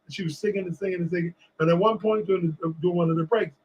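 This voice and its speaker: Husky high-voiced man telling stories. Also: rapid-fire, highs cut off. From Washington, D.C. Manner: animated storyteller acting out quotes. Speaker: guest. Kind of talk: storytelling in a casual interview.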